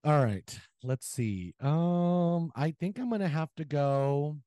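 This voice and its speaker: Animated gossiping man, dry close sound. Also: on the high side, takes it slowly, smooth, dry recording. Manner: animated, giggly, swears freely. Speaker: podcast host. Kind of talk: casual gossip chat.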